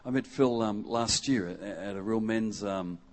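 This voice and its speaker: A man's voice: fairly low pitch, a little slow. A middle-aged man from Western Australia, preaching a jokey, conversational sermon to a congregation and acting out quotes. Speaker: guest preacher. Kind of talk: lively sermon with audience interaction. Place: church hall before a congregation.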